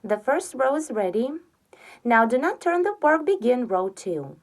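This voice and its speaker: Woman crochet instructor, slow and patient, lively pitch, counts stitches softly. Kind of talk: step-by-step tutorial narration.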